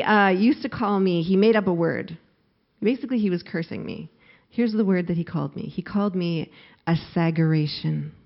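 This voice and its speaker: A woman's voice: on the low side, vocal fry. A middle-aged woman preaching a sermon, acting out quoted laments with rising force. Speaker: pastor. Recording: slightly dull lo-fi recording.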